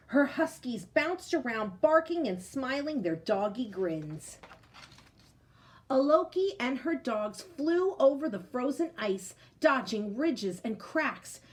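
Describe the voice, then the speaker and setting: A woman teacher reads a storybook aloud in a high, lively voice that swoops up and down. She speaks straight to young listeners and keeps them involved with questions. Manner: animated, talks directly to young listeners. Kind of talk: read-aloud storytelling to children.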